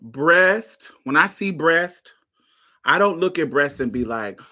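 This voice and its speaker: A woman's voice: low-pitched, animated, slow, sharp tone. A woman hosting a casual talk show, telling a story to her listeners in a blunt, profane way and laughing often. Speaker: host.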